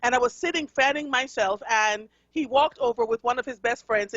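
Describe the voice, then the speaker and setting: A Jamaican woman hosting a live radio talk show speaks to her listeners in an earnest, conversational monologue full of fillers. Her voice sits high, animated, fairly quick and a bit bright. The recording is dry and slightly dull with no echo, like a studio mic feed.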